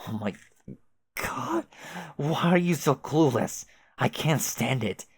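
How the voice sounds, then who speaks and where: A man's voice: medium pitch, big pitch swings, takes it slowly, breathy edge, no room sound, pitched above the performer's own voice, full character voice. A man voicing a fed-up young woman who is biting and exasperated, swearing at her friend. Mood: angry. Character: fed-up young woman, furious and sharp-tongued.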